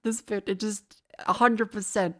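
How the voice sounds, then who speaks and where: A woman's voice: mid-range voice, steady tone, measured pace. A woman streaming in casual, sweary chat, with a sinus infection. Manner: casual and sweary, laughs often.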